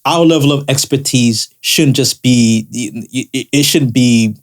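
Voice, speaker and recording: A man co-hosting a casual podcast, halting and repeating words as he thinks aloud. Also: mid-range voice. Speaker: podcast co-host.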